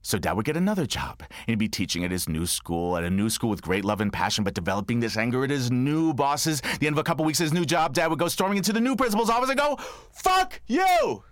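A man telling a comic story from his childhood in a monologue, wry and animated. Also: mid-range voice, fast, hardly any pauses, no room sound. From New York. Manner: wry, animated, dry humor.

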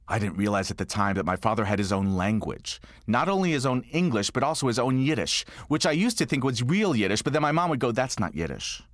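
A man performing a comic autobiographical monologue, telling stories with lively energy and deadpan asides. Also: lowish voice, no echo, studio quality. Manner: animated storytelling with deadpan asides. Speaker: comedic monologuist.

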